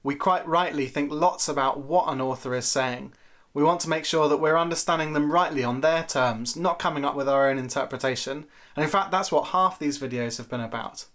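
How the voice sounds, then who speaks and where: A man's voice: on the high side, a little fast, fairly bright tone. A man giving a conversational, lightly playful Bible teaching talk to camera for a church video series.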